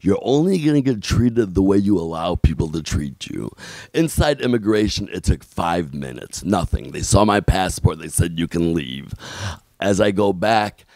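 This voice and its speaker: A man with a low, gravelly voice recounts a story in an interview, blunt and animated, acting out other people's lines as he goes. The sound is close and dry, with no room around it. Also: normal speed, no room sound. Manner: blunt, swears casually. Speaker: podcast guest.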